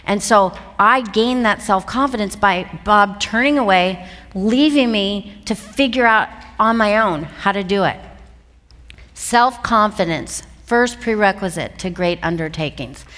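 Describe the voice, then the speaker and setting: A woman speaker telling an animated story to a live seminar audience, laughing through it. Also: mid-range voice, a little slow. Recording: long hall reverb.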